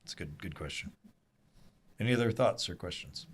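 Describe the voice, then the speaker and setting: Man, Bible teacher, casual small-group lesson, lowish voice, animated asides. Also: husky. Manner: animated, quick asides and rhetorical "right?".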